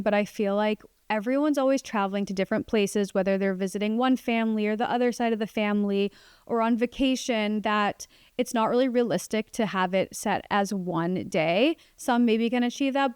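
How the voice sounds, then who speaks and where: A woman's voice: medium pitch, smooth, no echo, clean studio sound. A young woman hosting a casual solo podcast, chatting about family life with lots of "like" fillers. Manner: chatty, warm, many "like" fillers. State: pregnant. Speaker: podcast host.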